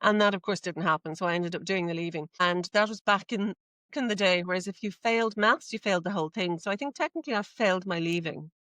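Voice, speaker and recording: Animated Irish woman telling a story. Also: fairly low pitch, quick pace, no room sound. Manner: animated storyteller, acts out quoted dialogue. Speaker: guest. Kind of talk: casual chat.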